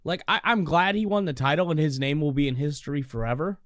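A man's voice: fairly high pitch, quick pace, fairly bright tone, dry recording, studio quality. A man in casual chat as a podcast co-host, giving strong opinions and often restarting his sentences. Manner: opinionated, stumbles over restarts.

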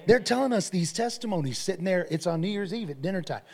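A man's voice: sits high, lively intonation, quick pace, darkish tone. A male pastor preaching a sermon, telling stories with energy and often repeating his phrases.

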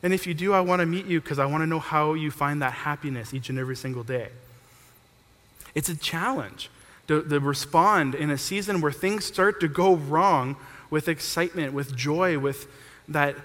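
A man's voice: a little high, moderate pace, a bit bright. A young man who is a pastor, giving a conversational sermon built on everyday examples. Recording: reverberant hall.

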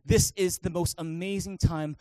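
A male pastor preaching in a church, telling a personal story in an animated way with many restarts. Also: high-pitched, moderate pace, dry recording. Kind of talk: sermon storytelling.

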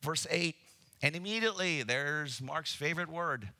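Pastor guy preaching to his church, bright edgy voice with some fry, acts out the scenes. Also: fairly high pitch, moderate pace, no room sound. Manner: animated, acts out Bible scenes, addresses the congregation. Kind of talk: sermon.

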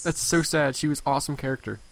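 A man hosting a podcast, chatting casually in an animated, joking way. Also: fairly high pitch, fast talker, gravelly, rough recording. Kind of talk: casual chat.

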